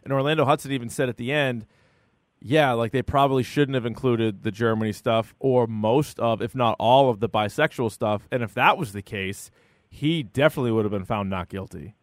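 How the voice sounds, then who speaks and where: A man co-hosting a podcast in casual chat, animated and acting out quotes with a jumpy, high voice. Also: a little fast, no room sound. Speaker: podcast co-host.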